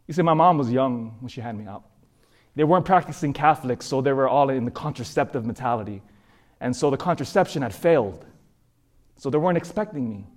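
A man giving an emotional sermon testimony, pleading, with halting repetitions as he tells his story. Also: medium pitch, a little mellow.

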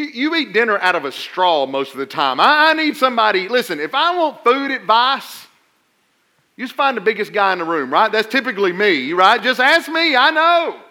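A middle-aged man preaching a sermon, telling funny stories and swinging between loud emphasis and quiet asides. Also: high-pitched. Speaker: pastor.

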